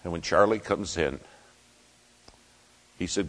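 A male preacher with a very low voice tells a story from the pulpit. He delivers it slowly and dramatically, leaning into each moment. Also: lively intonation. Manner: dramatic storyteller, acts out the quotes.

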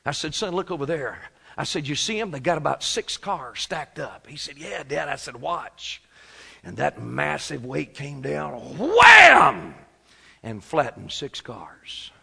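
Man, fifties, preacher, sermon, quiet stories then shouting, slightly high voice. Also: lively intonation, a little slow, gravelly, slightly rough. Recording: long hall reverb.

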